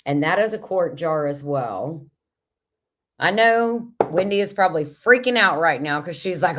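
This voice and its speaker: A woman hosting a casual livestream chat from home, reading out viewer comments and gushing over vintage jars. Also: low voice. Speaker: livestream host.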